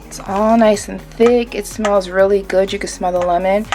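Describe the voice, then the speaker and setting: A woman talks through a baking recipe in her home kitchen, chatty and explaining every step as she works. Her voice sits at a middle pitch, with faint music playing behind her. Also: fairly even intonation, normal speed. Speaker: baking channel host. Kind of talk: casual cooking tutorial.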